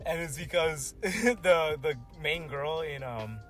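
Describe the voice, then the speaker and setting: A man's voice: fairly high pitch, slow pace. Young man, casual podcast co-host, slangy, swearing, laughing, background music. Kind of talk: casual chat.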